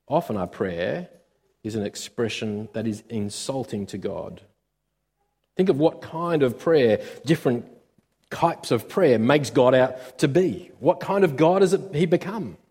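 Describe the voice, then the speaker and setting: A man preaching a sermon as a pastor, at a middle pitch, with a long hall reverb trailing each phrase. He is expressive, swinging between loud passages and quiet asides, and he often hesitates and restarts. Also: breathy edge.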